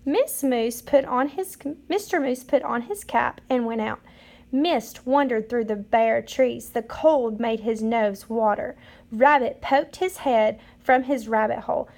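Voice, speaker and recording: A woman reading a children's picture book aloud in a steady, measured way. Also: a little high, vocal fry. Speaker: storyteller.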